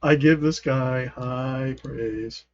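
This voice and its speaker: A man's voice: mid-range voice, fairly even intonation, extremely slow, a little mellow, muffled recording. A man hosting a gaming channel, giving casual gameplay commentary in a rambling way, often trailing off and chuckling.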